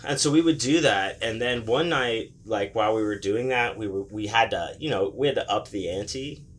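A man's voice: fairly low pitch, moderate pace. A young man casually telling a profane story, loosely acting out the voices of the people in it.

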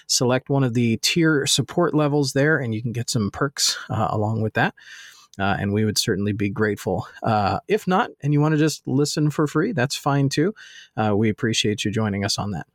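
A man co-hosting a podcast in casual chat, measured and easygoing. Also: medium pitch, lively intonation, dry recording, clean studio sound. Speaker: podcast co-host.

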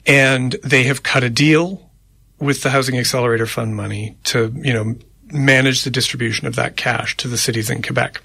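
A man talks in a loose, rambling way on a community radio show. His voice has a gravelly edge and a bright, forward tone, and the studio mic sounds close and dry, with no room echo. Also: medium pitch, steady tone, normal speed. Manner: conversational, rambling, tallies names aloud. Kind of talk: casual political chat. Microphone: studio microphone.

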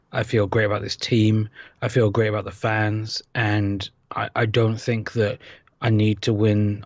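British guy cohosting a podcast, chatty and self-mocking, kinda low voice. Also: no room sound, lo-fi sound. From Britain. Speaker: podcast co-host. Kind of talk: casual chat.

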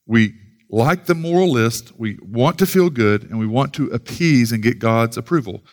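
A man's voice: mid-range voice, moderate pace. A man teaching about preaching, emphatic and full of rhetorical questions. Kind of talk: teaching talk.

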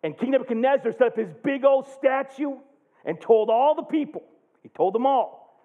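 A man in his thirties preaching, telling a funny camp story with excitable, jokey energy and loud bursts. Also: very high-pitched, moderate pace. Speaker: pastor. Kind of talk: animated sermon storytelling. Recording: tinny phone-like sound.

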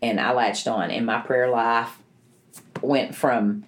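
A woman's voice: a bass voice, steady tone, slow pace. Earnest woman telling her story. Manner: earnest, emotional, rambling with restarts. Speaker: guest, bereaved mother. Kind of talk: personal story in an interview.

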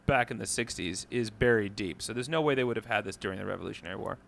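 A man's voice: on the low side, fast talker, gravelly, slight background noise. A man co-hosting a podcast, telling history stories in a casual, joking way with some swearing. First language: English. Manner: animated, jokey storytelling with profanity. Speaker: podcast co-host. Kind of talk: casual comedic chat.

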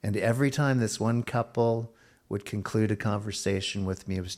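A middle-aged man preaching a sermon, slowing down for emphasis and dropping to a near hush at times. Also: on the low side. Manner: expressive preaching, slows for emphasis and drops to a hush. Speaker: pastor.

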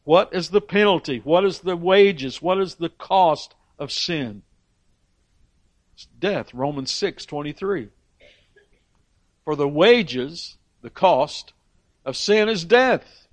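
A man's voice: a little high, slow pace, long pauses, dry recording. A man preaching a sermon with emphatic rises on key phrases and frequent repeated words as he restarts. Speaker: pastor.

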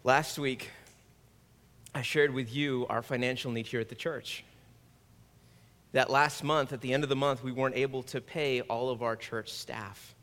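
A male pastor delivers a sermon in an earnest, conversational way, his medium-pitched voice steady and fairly bright. He speaks unhurriedly and pauses often, with the long reverb of a church hall around him in the sanctuary.

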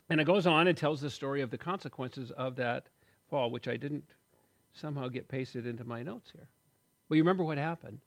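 A man in his sixties giving a sermon, telling a story with jokes and asides in a lively way. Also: a little high, moderate pace. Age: 60s. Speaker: pastor.

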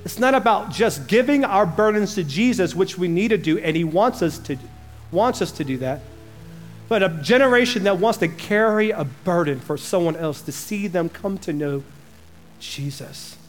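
Pastor guy preaching hard, pretty high voice, gets loud then slow and quiet, soft music behind. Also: expressive. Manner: passionate, swings from loud emphasis to quiet slow lines. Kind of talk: sermon.

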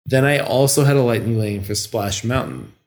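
A man in his thirties, co-hosting a podcast and telling a story in casual chat, animated and getting teary as he talks. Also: mid-range voice, moderate pace. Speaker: podcast co-host.

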